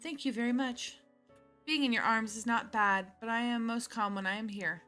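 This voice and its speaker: A woman voicing a calm, polite, life-sized female doll that speaks formally. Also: fairly high pitch, normal speed, soft background music.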